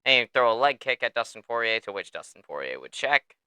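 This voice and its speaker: A man hosting a casual sports podcast, telling stories in an animated way, swearing freely and laughing often. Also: mid-range voice, fairly quick, smooth, dry recording. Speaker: podcast host.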